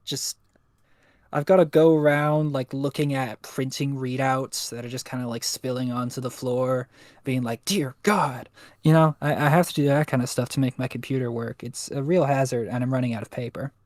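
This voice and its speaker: A man's voice: mid-range voice, steady tone, a little fast, a little mellow, dry recording. A young man chatting casually on a livestream, rambling and swearing with self-mocking humor. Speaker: co-host. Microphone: USB desk microphone.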